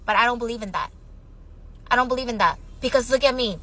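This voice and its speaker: Tearful young mom, bright and forceful. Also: female voice, a little high, fast, no room sound, low-quality recording. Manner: tearful, shaky, on the verge of crying. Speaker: mother of young children. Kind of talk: emotional personal storytime.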